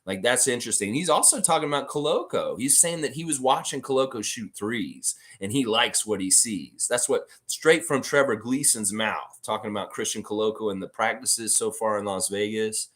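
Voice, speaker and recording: A man's voice: on the low side, normal speed, hardly any pauses, a bit bright. A man hosting a casual live stream, rambling and reading viewer comments aloud. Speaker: livestream host.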